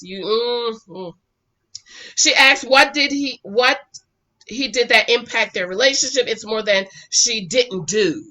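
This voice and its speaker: Sassy bright-voiced woman recapping TV. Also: fairly high pitch. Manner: sassy, scolds the people on screen; animated, switches between loud and quiet asides. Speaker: reality TV reviewer. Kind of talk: casual recap commentary.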